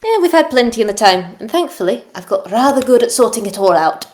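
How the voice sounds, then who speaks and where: A woman's voice: fairly high pitch, animated, quick pace, darkish tone, close to an everyday voice. A woman voicing a poised older female monkey detective and mother, dry and self-assured in manner.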